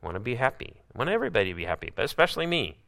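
Guy preaching a sermon, bright forceful voice, lots of rhetorical questions. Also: mid-range voice, sing-song, very fast, gravelly.

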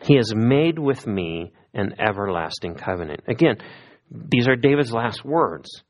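A man preaching a sermon as a pastor, in a conversational manner with lively emphasis. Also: medium pitch, unhurried.

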